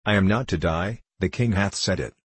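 A man's voice: low-pitched, moderate pace, breathy edge, no room sound. A man voicing a timid, frightened pauper boy pleading in archaic speech.

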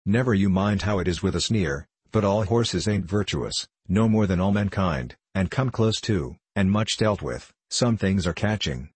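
A man's voice: sits low, expressive, moderate pace, few pauses, slightly rough, no room sound. A man voicing a bitter, sneering one-legged cynic who snaps and jeers in an old-fashioned storybook. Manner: snappish, scornful, jeering.

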